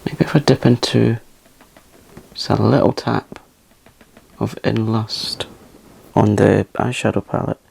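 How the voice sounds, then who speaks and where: A man hosting a makeup channel, talking softly through a tutorial in a chatty, self-mocking way and sometimes dropping into a whisper. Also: fairly low pitch, fairly even intonation, takes it slowly, creaky, long pauses, breathy edge. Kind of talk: soft-spoken makeup tutorial.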